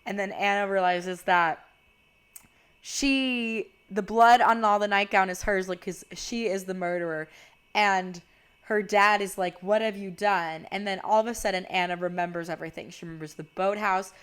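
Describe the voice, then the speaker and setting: A woman's voice: medium pitch, steady tone, moderate pace, fairly bright tone, clean tone. A young woman casually retelling a horror movie's plot, chatty and full of "like". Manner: chatty, heavy use of "like". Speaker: video creator.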